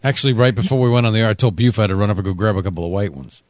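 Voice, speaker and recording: A man hosting a live podcast from a studio, talking in a loud, profane, sing-song hype style. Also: fairly low pitch, rapid-fire, no room sound. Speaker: podcast host. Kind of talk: casual live show banter.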